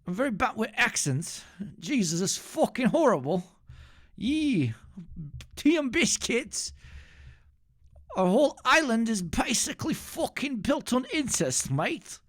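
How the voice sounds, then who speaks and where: A man's voice: extremely high pitch, very animated, a little slow, fairly bright tone, no echo, clean studio sound, voice pushed up, heavily acted. A man doing a crude, mocking imitation of a British bloke, swearing as he goes. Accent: mock British.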